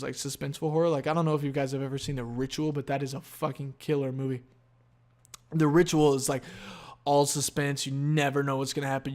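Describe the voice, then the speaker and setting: A man hosting a podcast, telling a long story in a casual, profane monologue that is full of fillers and has loud, animated exclamations. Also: fairly high pitch. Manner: profane, rambling, heavy on fillers. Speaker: podcast host.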